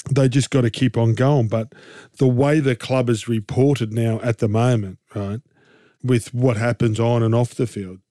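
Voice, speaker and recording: An Australian man co-hosting a casual sports chat, animated and jokey, rambling through his points with restarts and rhetorical questions. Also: mid-range voice, normal speed, no echo, studio quality. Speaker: co-host and game commentator.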